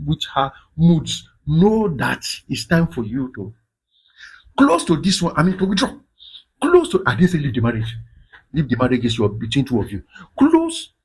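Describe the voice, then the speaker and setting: A man giving animated, preachy marriage advice in a casual monologue, dropping in pidgin interjections. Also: medium pitch, husky, low-quality recording. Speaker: relationship advice host.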